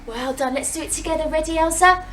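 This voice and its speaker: A woman teacher gently coaxing young children to blend sounds in a classroom, heard from a distance. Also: high-pitched, quick pace, very noisy. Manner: gentle, encouraging, sounds out words. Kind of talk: phonics lesson with young children.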